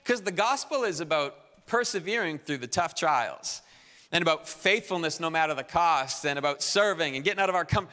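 A man's voice: fairly high pitch, normal speed. A man preaching as pastor, making church announcements with energy and calling out to the congregation. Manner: energetic, exhorting the crowd. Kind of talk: sermon announcements. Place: church auditorium. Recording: long reverb in a large hall.

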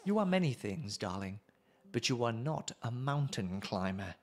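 A man reading the lines of a sinister female dark reflection in a low, hushed, condescending tone. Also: big pitch swings, moderate pace. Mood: cold, scornful.

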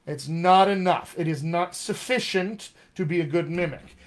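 A man's voice: high voice, normal speed. A man teaching as a dialect coach in a live online session, enthusiastic and repeating key words for emphasis.

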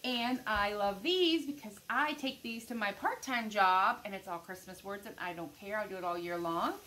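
Excitable bright-voiced woman vlogger. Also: medium pitch, moderate pace, rough recording. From United States. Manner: gushing, excitable, addresses viewers as guys. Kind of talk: casual unboxing chat.

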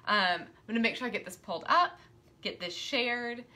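A woman hosting a live-streamed quilting class, bubbly and excitable, chatting and easily sidetracked. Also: on the high side, moderate pace. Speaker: quilting teacher and host.

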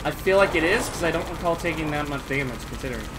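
A young woman giving gameplay commentary, dropping into low muttered asides and then breaking into excited, swearing shouts. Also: fast, background noise. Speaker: gamer. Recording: game sounds loud behind voice.

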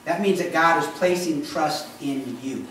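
Male pastor, conversational sermon, checks in with questions; slightly high voice, distant mic, heavy church echo. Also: measured pace, a bit bright, slight background noise. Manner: conversational, asks the congregation questions. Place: church sanctuary.

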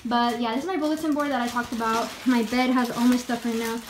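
A young woman with a high, girlish voice chats to her handheld phone camera. She talks in a bubbly, rambling vlog style full of "like" and "literally." A faint hum of surroundings sits behind her. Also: steady tone, fast talker. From Texas. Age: young adult. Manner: chatty, bubbly, lots of "like" and "literally". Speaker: vlogger. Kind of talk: casual vlog. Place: college campus and dorm room.

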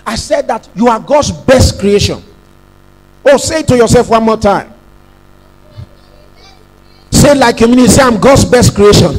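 A man's voice: extremely high pitch, animated, measured pace, long pauses, rough recording. A man preaching a sermon as pastor, emphatic, repeating phrases and prompting the congregation to say lines back.

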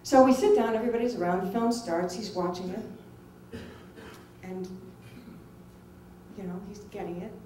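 A woman's voice: mid-range voice, normal speed, pauses often, noisy background. Middle-aged woman telling a story in a roomy hall. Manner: lively, conversational, acts out other people's lines. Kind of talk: personal anecdote told to an audience. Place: film festival venue. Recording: roomy, distant mic with faint ambience.

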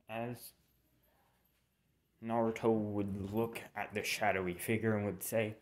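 Young man, fan story narrator, casual, rambling, low pitch, slow. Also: darkish tone. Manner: rambling, self-correcting, informal asides. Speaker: channel narrator.

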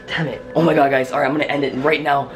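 A man's voice: mid-range voice, little pitch movement, fast. Young guy freaking out on his vlog, medium voice, music going under him. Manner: panicky, exclaims often. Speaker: vlogger. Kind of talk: casual scared vlog.

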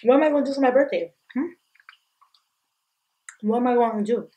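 A young woman telling a story in a casual mukbang vlog, blunt and animated, with frequent swearing. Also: on the high side, normal speed, long pauses. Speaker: vlogger.

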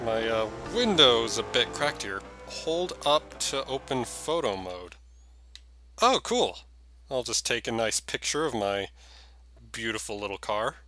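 Brief: jokey male let's-play commentator, bright sharp voice, slow delivery that breaks into excited yelps. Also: mid-range voice, soft background music. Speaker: gameplay commentator.

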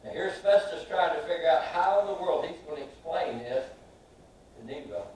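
A high-voiced preacher rises to ringing, stretched-out shouts and drops to quiet asides, asking the congregation questions. He is heard from a distance, and the sound rolls around a very reverberant church hall. A faint hiss sits underneath. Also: animated. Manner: swings from loud, drawn-out shouts to soft asides; asks the congregation questions and has them repeat after him. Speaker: pastor. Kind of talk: sermon. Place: large church sanctuary. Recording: very echoey hall, heard from afar.

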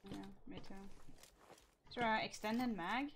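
A woman with a Swedish accent chatting excitably while streaming a battle royale game, laughing and swearing. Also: a little high, moderate pace, slight background noise. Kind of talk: casual gaming chat.

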